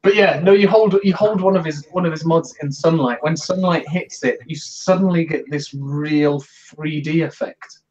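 A man's voice: a little high, normal speed, few pauses, darkish tone, highs cut off. A British man co-hosting a podcast, talking enthusiastically and stumbling over restarts. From United Kingdom. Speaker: podcast co-host. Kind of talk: casual chat.

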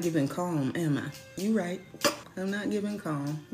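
A woman vlogging at home as a mother, talking to her viewers and herself in an animated way and sometimes dropping to a whisper. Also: deep voice, moderate pace, faint music behind. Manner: animated, talks to herself and the camera, drops to whispers. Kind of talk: casual vlog talk to viewers.

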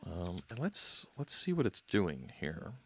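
A man's voice: deep voice, wildly swooping pitch, measured pace, fairly bright tone, slight background noise. A man hosting a live coding stream, thinking aloud as he works and chatting with viewers. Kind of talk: casual live coding narration.

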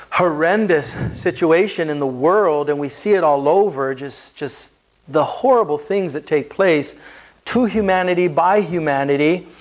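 A man preaching a sermon as pastor, earnest and building emphasis as he explains scripture. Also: a little high.

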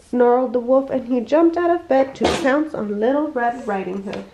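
A woman's voice: on the high side, highs cut off, background noise. Woman reading a bedtime story aloud. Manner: expressive, slows for emphasis. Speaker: family storyteller. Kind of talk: children's bedtime read-aloud.

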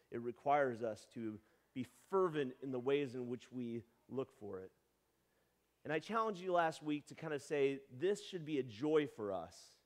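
A male pastor preaching a sermon in a conversational way, often asking the congregation questions and acting out quotes with sudden jumps in pitch.

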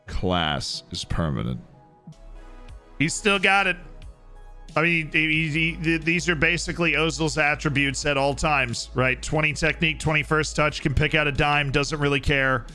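A man streaming a video game live, chatting casually with excitable, laughing banter. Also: on the high side, moderate pace, soft background music.

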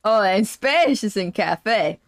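A woman's voice: mid-range voice, expressive, a little slow. A woman streamer chatting playfully and giggling through a casual gaming stream.

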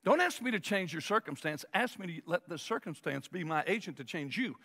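High gravelly preacher in a reverberant hall. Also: male voice, expressive, brisk, fairly bright tone. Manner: emphatic preaching, acts out whiny voices. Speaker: pastor. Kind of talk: sermon. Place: large church sanctuary. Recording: long reverb of a church hall.

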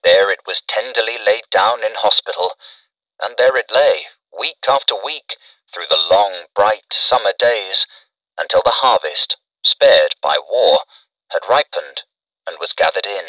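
A man giving a measured, dramatic scripted narration of a classic story. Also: fairly low pitch, animated, sharp tone, no echo, far from the mic, low-quality recording.

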